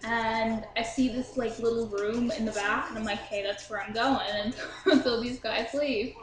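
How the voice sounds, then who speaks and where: A woman's voice: on the high side, steady tone, normal speed, echoey room, over music, poor audio. A young woman casually telling a drunk story to her viewers, chatty and swearing freely, laughing at herself. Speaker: vlogger.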